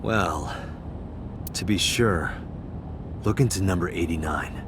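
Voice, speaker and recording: A deep, dry detective. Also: male voice, takes it slowly, background noise. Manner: dry, blunt, sarcastic. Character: wry male special agent, blunt and cocky.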